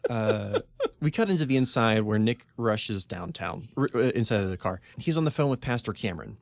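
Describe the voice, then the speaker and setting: A man's voice: lowish voice, lively intonation, fairly quick, no room sound. Wry man reading a comedy script. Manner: wry, laughing often. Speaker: podcast co-host.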